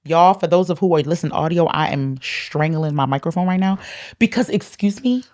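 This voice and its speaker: Woman, low voice, loud and expressive, casual podcast co-host. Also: fairly quick. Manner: loud and expressive, many agreeing yeahs. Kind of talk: casual chat.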